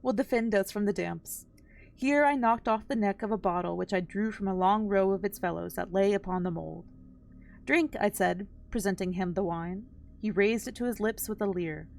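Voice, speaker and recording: A woman's voice: medium pitch, fairly quick, creaky, a little mellow, slight background noise. Woman streamer reading a classic tale. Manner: casual asides, stumbles on hard words and laughs them off.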